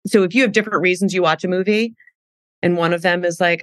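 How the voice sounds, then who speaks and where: Woman guest, enthusiastic and rambling, lowish voice, dry close recording. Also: steady tone, quick pace, dry recording. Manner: enthusiastic, rambling, self-interrupting. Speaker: guest, actress. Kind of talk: casual chat.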